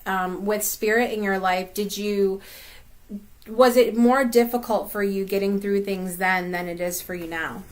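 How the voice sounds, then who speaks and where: A woman with a mid-range voice asks an interview question, pausing and restarting often. She keeps a soft, tentative manner. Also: mid-range voice. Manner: hesitant, soft backchannel murmurs.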